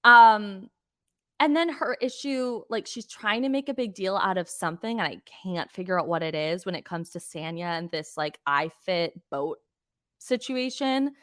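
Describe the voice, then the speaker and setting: A woman's voice: mid-range voice, normal speed, a bit bright, smooth, no echo, clean studio sound. A woman hosting a podcast, giving a chatty, exasperated recap of reality TV with plenty of swearing. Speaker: podcast host.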